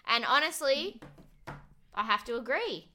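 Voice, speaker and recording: A woman co-hosting a podcast, chatting casually about a reality show, animated and swearing freely as she acts out what people said. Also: high voice, measured pace, a little hiss or hum. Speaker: podcast co-host.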